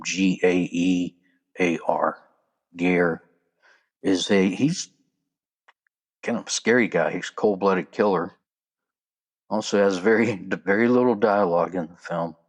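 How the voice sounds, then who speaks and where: A man with a low, deep voice hosts a solo podcast. He talks in a loose, chatty way, with casual asides along the way. The delivery sounds unscripted and conversational. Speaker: podcast host.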